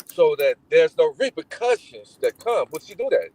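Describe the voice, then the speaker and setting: A man's voice: on the high side, normal speed, poor audio. A middle-aged man from Gary, Indiana, telling family stories in casual talk, acting out the voices of people in them. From Gary, Indiana, United States. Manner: animated, acts out voices in his stories. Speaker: guest. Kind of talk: casual storytelling.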